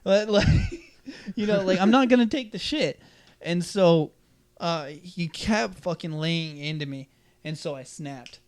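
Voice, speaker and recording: With a high voice and a slightly slow pace, a young man hosting a podcast shares a school story casually. He's animated and profane, dramatizing the quotes at full volume.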